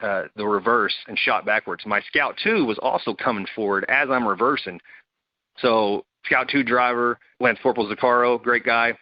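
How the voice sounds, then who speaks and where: A Marine veteran with a mid-range voice tells a story casually and with animation, acting out the quoted voices of his buddies. The recording is close, dry and dull.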